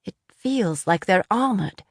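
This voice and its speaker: A cold, menacing male interrogator who pushes with clipped questions, as a woman narrator reads him. His voice stays close to the reader's own middle pitch. The sound is dry and close. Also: expressive, measured pace, slightly rough, dry recording. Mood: icy.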